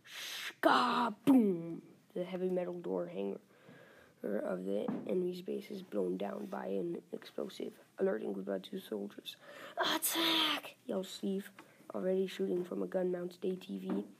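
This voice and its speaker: A woman reading a war adventure story aloud, halting and correcting herself as she goes. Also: lowish voice, gravelly, noisy background. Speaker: story reader.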